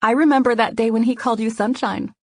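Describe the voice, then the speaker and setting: A woman narrator puts on an excitable young female friend in a romance audiobook, eager and gushing. Her voice sits a touch higher than the narration. The sound is dry and close. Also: fast talker, no room sound. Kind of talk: audiobook character dialogue.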